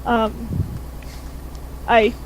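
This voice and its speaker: A woman's voice: very slow, slight background noise, poor audio. A woman co-hosting a casual podcast chat, telling stories and laughing at herself. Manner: chatty storyteller, laughs at herself. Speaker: podcast co-host.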